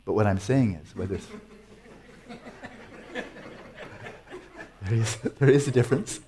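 A man's voice: fairly low pitch, very animated, takes it slowly, mellow. A man teaching meditation and answering audience questions in a playful, teasing way. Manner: playful, teasing, chuckles often.

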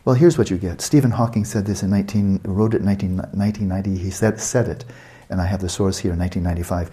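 Brief: male meditation teacher, lecture delivery, low mellow voice, rhetorical and emphatic. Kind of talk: spoken dharma lecture.

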